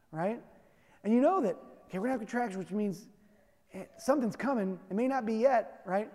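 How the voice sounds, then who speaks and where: A man's voice: sits high, expressive, fairly quick, a little mellow, big-room sound. A man preaching a sermon in a conversational, emphatic way, with self-deprecating humor. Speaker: pastor.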